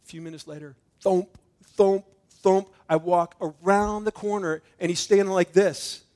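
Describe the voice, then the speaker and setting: A middle-aged male pastor giving a communion sermon, swinging from loud, emphatic preaching to hushed, intimate tones and acting out dialogue as he tells a story. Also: high voice, steady tone, measured pace.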